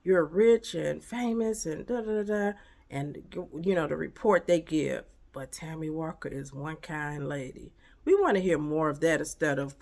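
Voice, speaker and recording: A woman's voice: deep voice, big pitch swings, unhurried. A woman giving a casual spiritual pep talk to camera, emphatic and preachy, full of rhetorical questions. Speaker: motivational vlogger.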